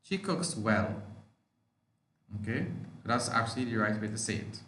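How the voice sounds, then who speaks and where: A man's voice: lowish voice, lively intonation, a little slow, a bit bright, slight background noise. A man with a Trinidadian accent teaching an online language arts lesson, explaining step by step and asking and answering his own questions. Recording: echoey room.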